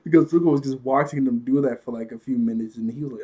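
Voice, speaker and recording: A man talks through an episode he watched in a relaxed, rambling way, laughing easily along the way. His delivery is loose and conversational, full of fillers. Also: medium pitch, quick pace, few pauses, breathy edge. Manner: loose, chatty, laughs often, lots of "like". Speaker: show reviewer. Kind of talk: casual episode recap.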